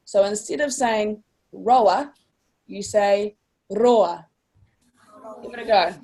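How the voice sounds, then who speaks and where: A woman's voice: mid-range voice, measured pace, warm tone. A woman with a New Zealand accent teaching a class, upbeat and encouraging, stretching words out to model sounds. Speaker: language teacher.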